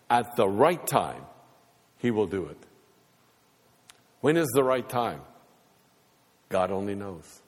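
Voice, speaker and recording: A man preaching a sermon as pastor, with rising and falling emphasis. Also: fairly low pitch. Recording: long hall reverb.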